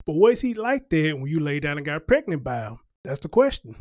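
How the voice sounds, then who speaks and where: A man with a high voice hosts a casual commentary show. He rants in an emphatic, preachy way and keeps checking that his listeners agree. The sound is dry and close. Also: big pitch swings, brisk, darkish tone, no echo.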